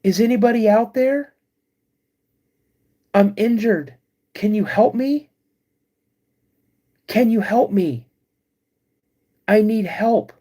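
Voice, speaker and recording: A man putting on a creature's shrill cry for help. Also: slow pace, long pauses, dark tone. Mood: pleading. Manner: pleading cries for help. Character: sickly naked creature calling in a woman's voice.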